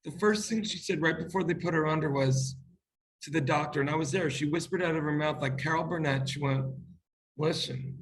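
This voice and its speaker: Gushing male interviewer, higher voice. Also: fairly quick, low-quality recording. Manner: effusive, emotional, gushing praise. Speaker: interview host. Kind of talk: casual interview chat.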